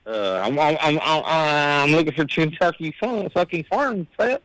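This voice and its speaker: A man's voice: a little high, expressive, unhurried, a bit bright, no echo, poor audio. Stammering male caller on radio. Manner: stammering, profane. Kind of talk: call-in on live radio.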